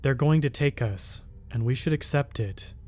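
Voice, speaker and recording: A man's voice: mid-range voice, normal speed, darkish tone, close to an everyday voice. A man reading a dazed teenage boy in a trance. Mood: eerie calm.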